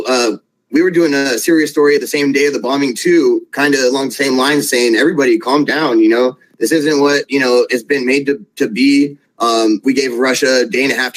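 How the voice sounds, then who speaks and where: A man's voice: medium pitch, poor audio. A man hosting an interview, asking questions in an easygoing, agreeable way. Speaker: host. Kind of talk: casual interview talk.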